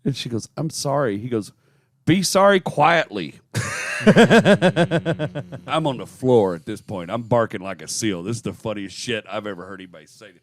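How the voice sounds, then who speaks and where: A man's voice: on the low side, normal speed, dry recording. A man with a Texan accent, a comedian co-hosting a podcast, telling a stage story with acted-out quotes in casual chat. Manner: animated storyteller, acts out quotes.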